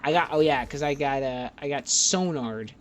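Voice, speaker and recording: A man's voice: medium pitch, moderate pace. A young man giving casual, rambling, profane commentary over his own gameplay clips as a voice-over. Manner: rambling, profane, laid-back. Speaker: gaming YouTuber. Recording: game gunfire noise underneath. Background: game gunfire and clicks.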